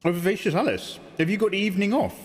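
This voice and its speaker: Chatty streamer man with a lively voice. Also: sits high, fast talker, slightly rough. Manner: chatty, greets viewers, jokey. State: frequently clearing his throat. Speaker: livestreaming artist. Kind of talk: casual live-stream chat.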